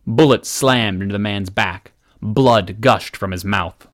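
Lower-voiced man reading a story. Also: measured pace. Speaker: audiobook narrator. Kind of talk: scripted narration.

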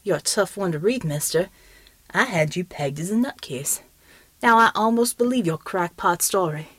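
A woman's voice: on the low side, lively intonation, moderate pace, husky, dry recording. A woman voicing a blunt, plain-spoken male costumed hero in an audiobook. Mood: gruff.

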